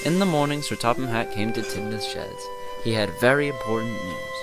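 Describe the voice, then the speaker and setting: A man narrating a children's train story in a lively storybook manner. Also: medium pitch, normal speed, few pauses, over music.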